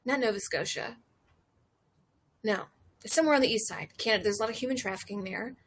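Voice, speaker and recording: A woman's voice: medium pitch, lively intonation, fast. A young American woman streaming a casual chat, a little tipsy, rambling loosely with lots of fillers and swearing. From United States. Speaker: streamer chatting with viewers. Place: porch outdoors.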